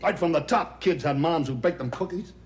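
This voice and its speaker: An actor playing a loud, wisecracking, self-pitying middle-aged talent agent in a 1970s television drama. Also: male voice, on the high side, brisk, a little hiss or hum, natural voice. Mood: bitter. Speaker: theatrical agent.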